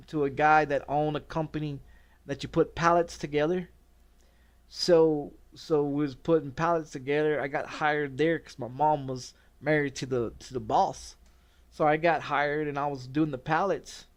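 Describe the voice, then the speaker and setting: Middle-aged guy streamer rambling thru a wild story, swears a lot, laughs a bunch, voice a bit high. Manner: rambling, profane, laughing often. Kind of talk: casual storytelling.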